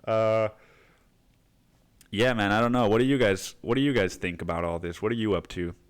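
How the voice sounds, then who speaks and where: A man's voice: fairly low pitch, moderate pace, smooth. A young man with the sniffles hosting his podcast in a rambling, profane, slangy monologue. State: sniffly with a cold. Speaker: podcast host.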